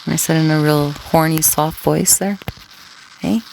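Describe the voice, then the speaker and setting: A woman's voice: low voice, steady tone, normal speed, gravelly, darkish tone, a little hiss or hum, low-quality recording. A woman rambling crudely to her livestream listeners, taunting them and tagging her sentences with questions. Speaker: scanner livestreamer talking to listeners. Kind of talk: rambling casual monologue.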